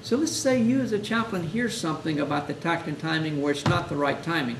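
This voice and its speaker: A man's voice: fairly high pitch, brisk, gravelly. A man teaching hospital chaplains in a conversational lecture, often acting out exchanges with grieving families. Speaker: chaplain instructor. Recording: echoey room, mic far off, faint hiss.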